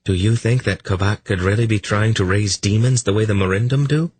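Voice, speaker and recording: A man's voice: fairly low pitch, fairly quick, a little mellow, slightly rough, no echo, pitched above the performer's own voice. A man doing an anxious young king. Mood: worried. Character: urgent young male king, worried.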